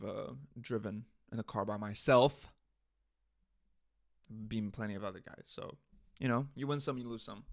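This young man's medium-pitched voice has a creaky quality as he hosts a podcast, ranting through a casual comedic monologue full of swearing and self-directed laughter. It's recorded on a studio mic through an audio interface.

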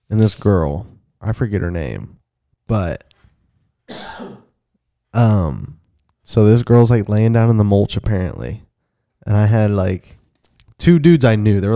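A man's voice: on the low side, mellow. A young man co-hosting a podcast, telling a crude story in casual chat with frequent laughs. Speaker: podcast co-host.

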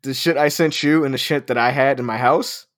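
A man's voice: medium pitch, steady tone, fairly quick, a bit bright. A man in his thirties telling a story in casual chat, swearing often and laughing as he talks. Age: 30s. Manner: profane, laughing anecdote telling.

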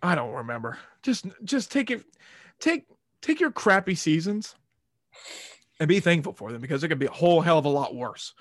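A slightly high-voiced man hosts a casual sports podcast, drifting from point to point with jokes and heated rants. He swears freely. The recording is dry and close, with no room sound. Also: sing-song, normal speed, fairly bright tone, dry recording. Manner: rambling and jokey, swears and rants. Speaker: podcast host.

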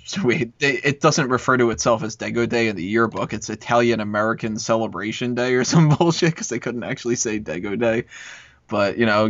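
A man's voice: on the low side, fairly bright tone, no room sound. A man hosting a casual chat, telling a long school story with lots of swearing and fillers. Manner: rambling, profane, lots of fillers. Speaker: podcast host. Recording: dull lo-fi recording.

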